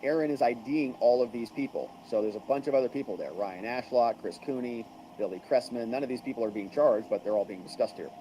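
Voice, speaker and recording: A man's voice: medium pitch, brisk, warm tone, a little hiss or hum, low-quality recording. A man giving casual commentary on trial testimony, relaying courtroom exchanges in a conversational way and adding his own opinions.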